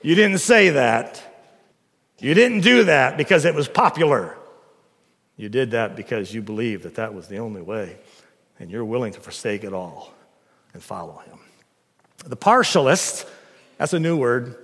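A man preaching a sermon in an emphatic, animated way, asking the listeners rhetorical questions. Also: medium pitch, moderate pace, long pauses, slightly rough, big-room sound.

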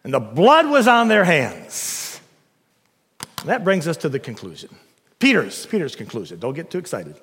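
A man preaches with a high, lively voice that swings widely in pitch, hammering his points home and throwing rhetorical questions at the listeners. His voice rings through a hall with a long reverb. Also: normal speed, husky. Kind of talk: sermon.

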